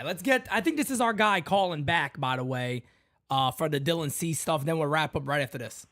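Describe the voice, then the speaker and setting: A man's voice: sits high, lively intonation, fairly quick, a bit bright. A man hosting a sports fan call-in show, hammering his points home and repeating lines for emphasis.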